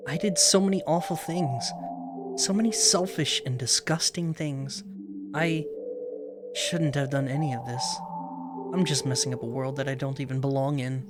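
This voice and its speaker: A man reading aloud the lines of a heartbroken young woman who is the AI president of a club in the game, in his own voice. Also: on the high side.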